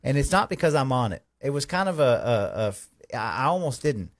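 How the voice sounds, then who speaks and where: A man hosting a live stream, giving folksy, rambling shout-outs to viewers. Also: medium pitch, sing-song, a little fast. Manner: effusive, folksy, rambling with restarts.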